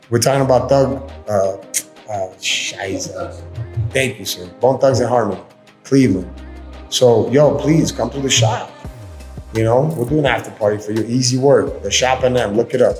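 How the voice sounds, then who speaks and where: A man's voice: mid-range voice, moderate pace, long pauses, darkish tone. A man hosting a casual podcast monologue, laid-back and earnest, slipping into Spanish phrases. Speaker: podcast host. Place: inside his community shop. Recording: roomy sound with faint background music.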